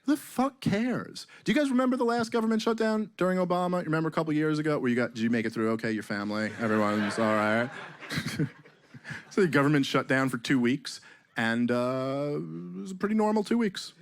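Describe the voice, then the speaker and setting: A man performing a stand-up comedy set on a club stage, talking sarcastically and profanely in an animated way, with mock voices. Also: fairly high pitch, fast talker.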